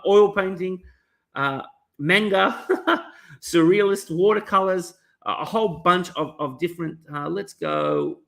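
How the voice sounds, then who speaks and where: Bright-voiced man demoing live. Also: a little high, vocal fry. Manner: enthusiastic, thinking aloud with self-corrections. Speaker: keynote speaker. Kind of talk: live demo presentation. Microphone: video call.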